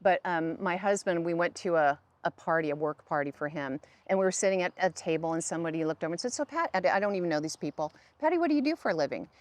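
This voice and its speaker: A woman's voice: on the low side, animated, fast talker, hardly any pauses, dry recording. Chatty woman telling stories, close and dry. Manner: chatty storytelling, acts out quoted voices. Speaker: psychic medium guest. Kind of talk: conversational interview.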